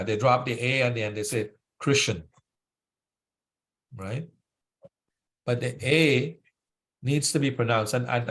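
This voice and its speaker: A man's voice: medium pitch, fairly bright tone. Patient man teaching chant pronunciation. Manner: patient, breaks words into syllables, frequent "right?". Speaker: Sanskrit teacher. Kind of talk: devotional class teaching pronunciation.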